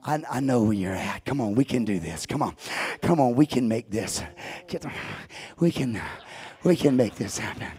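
A man's voice: very high-pitched, slow pace, creaky, voice pushed up, full character voice. A male preacher voicing Christ as a steadfast man who comforts others, speaking with impassioned emphasis. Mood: reassuring.

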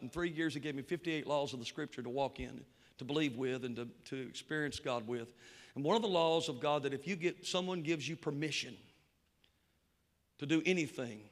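Excitable preacher, high bright voice. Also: male voice, in a large hall. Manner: excitable, worked up. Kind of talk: sermon with storytelling. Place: church before a congregation.

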